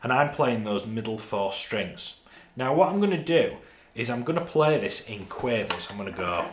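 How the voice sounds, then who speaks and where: A man with a Northern English accent gives a guitar lesson, talking through the parts as he plays and counting beats aloud. His medium-pitched voice is sing-song at a moderate pace, and the recording is reverberant.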